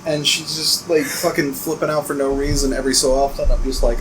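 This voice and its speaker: A young man co-hosting a podcast, casually telling animated retail-work stories, swearing and acting out customers. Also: medium pitch, brisk, slight background noise, rough recording. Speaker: podcast co-host. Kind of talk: casual podcast chat, storytelling.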